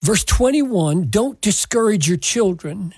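Man, pastor, sermon, earnest, unhurried delivery, dry close sound. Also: high voice, lively intonation, darkish tone, husky, dry recording. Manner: slow, earnest, emphatic scripture exposition.

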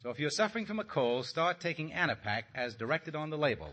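A man's voice: on the high side, very animated, brisk, background noise. A man reading a radio commercial in a friendly, persuasive way. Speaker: commercial announcer.

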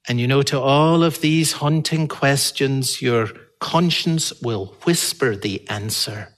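Slow, earnest man preaching a sermon. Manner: earnest, builds to emphatic peaks then drops low. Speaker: pastor.

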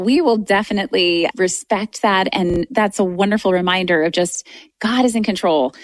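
A woman's voice: mid-range voice, no echo. A woman hosting a Christian radio interview program, reading scripted introductions.

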